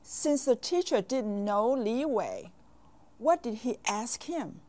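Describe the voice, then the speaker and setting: In a scripted language lesson for kids, a woman plays a patient teacher. She speaks slowly and clearly with careful enunciation and animated pitch, pausing to quiz her listeners.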